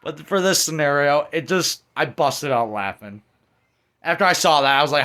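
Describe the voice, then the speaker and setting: A man's voice: fairly high pitch, lively intonation, normal speed, pushed and bright. A man giving an angry, profane rant while reviewing a horror film. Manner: profane, ranting, heated. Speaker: movie reviewer.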